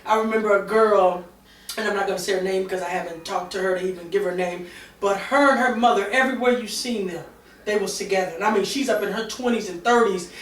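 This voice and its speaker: A woman's voice: medium pitch, fast talker. A middle-aged woman on a talk show panel, candidly telling a personal story with many fillers and restarts. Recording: roomy sound from a distance.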